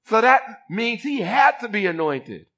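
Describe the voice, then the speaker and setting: A man in his fifties from Boston, preaching a sermon as a bishop with lively delivery and call-and-response to his congregation. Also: high voice, a little slow. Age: 50s. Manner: animated preacher, acts out voices, calls for response from the congregation.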